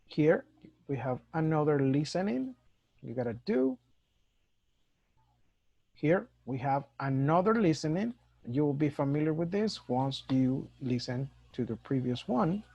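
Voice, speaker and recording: Guy teaching english, slow and careful, kinda high voice, dull dry recording. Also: animated, no echo. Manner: slow, mixes Spanish and English explanations. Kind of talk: recorded online lesson.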